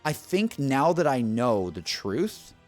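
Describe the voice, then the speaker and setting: Young adult male streamer, animated, lively pitch swings, faint music under. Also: slow. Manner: animated, excitable, restarts and "like" a lot. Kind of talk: casual stream chat to viewers.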